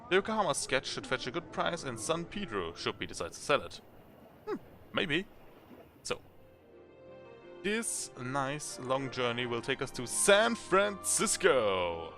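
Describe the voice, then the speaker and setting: Lively-pitched man narrating gameplay. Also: measured pace, soft background music. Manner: chatty, thinks aloud while playing. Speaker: let's play host. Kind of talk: gameplay commentary and reading game text aloud.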